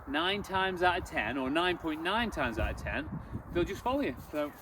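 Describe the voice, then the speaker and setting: Recorded from afar against a noisy background, this man's fairly high, very animated voice moves at a normal speed. He's a dog trainer strolling a cold field, chatting and repeating himself as he walks through a training routine step by step and calls commands to the dog.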